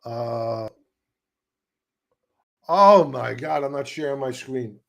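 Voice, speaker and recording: A man's voice: medium pitch, slow pace, creaky. A man hosting a live stock-chart stream, talking in a chatty, sarcastic way with many asides. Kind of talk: casual live-stream commentary.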